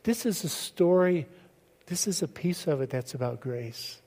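A man's voice: on the high side, animated, normal speed, mellow, long reverb tail. A male pastor preaching a sermon in a conversational way, asking the congregation questions as he goes.

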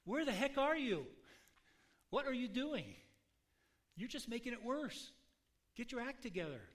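A man voicing an exasperated adult male prophet who complains to God in a high, strained, indignant tone. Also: very animated, a little slow, a bit bright, exaggerated voice.

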